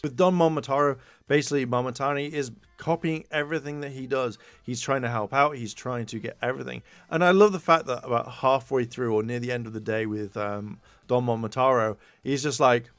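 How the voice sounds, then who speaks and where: A man of ordinary pitch, co-hosting a podcast, recaps a tokusatsu episode in a loose, rambling way, piling on fillers and slipping into quick character impressions. His voice is close and dry, with no room sound or echo.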